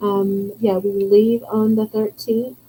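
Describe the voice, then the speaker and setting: A woman's voice: mid-range voice, flat delivery, takes it slowly, mellow, a little hiss or hum, low-quality recording. A woman with a Southern US accent, co-hosting a casual chat show in a chatty, drawling way with many fillers. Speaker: podcast co-host.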